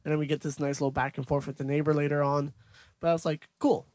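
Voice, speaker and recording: A man's voice: fairly high pitch, flat delivery, quick pace, darkish tone, no room sound. A young man co-hosting a movie podcast, recapping scenes in detail in casual chat. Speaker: podcast co-host.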